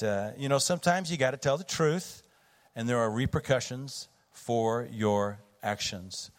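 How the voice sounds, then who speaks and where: A middle-aged man preaching a sermon as pastor, telling a family story in a conversational way with fillers and restarts. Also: medium pitch.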